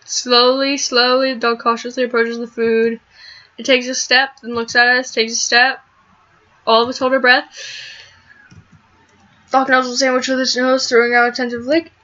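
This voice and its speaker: A young woman reading a visual novel aloud and reacting to it, animated and quick to laugh. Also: a little high, dull audio. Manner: animated, laughs and swears at the game. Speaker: let's play gamer.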